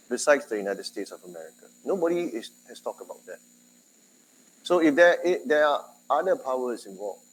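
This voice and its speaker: A man with a Singaporean English accent tinged with Malay, giving a university lecture in a conversational way, questioning his students and often jumping in loudness and pitch. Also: a little hiss or hum, poor audio. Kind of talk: classroom lecture.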